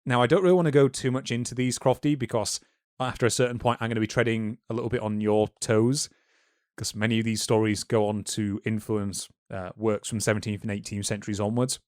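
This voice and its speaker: A man's voice: fairly low pitch, steady tone, fairly quick, darkish tone, no echo, clean studio sound. A man co-hosting a history podcast, explaining a subject in an informal, lecture-like way with fillers and asides. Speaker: podcast co-host.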